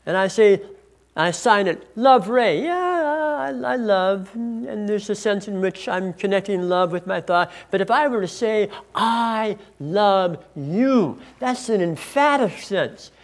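A middle-aged man preaching a teaching sermon, deliberate and stretching key words for emphasis. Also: sits high, animated. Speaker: pastor.

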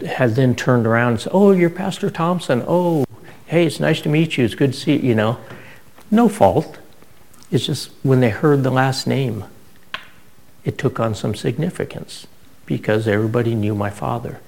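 A man's voice: medium pitch, vocal fry, darkish tone, rough recording. A middle-aged man preaching a sermon, telling stories in a conversational way with frequent restarts. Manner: conversational storytelling with many restarts.

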